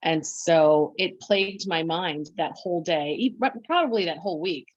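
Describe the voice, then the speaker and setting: A woman with a lowish voice tells her own story in conversation, stopping and restarting, quoting what she said to herself. The sound is dull and lo-fi, and quite dry. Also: expressive, no echo. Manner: halting, full of restarts and quoted self-talk. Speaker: podcast guest.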